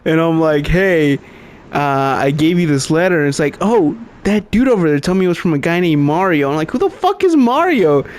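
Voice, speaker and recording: A man's voice: fairly high pitch, fairly quick, a little mellow. A young man co-hosting a podcast, telling a long story in casual chat, swearing constantly and laughing often. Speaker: podcast co-host.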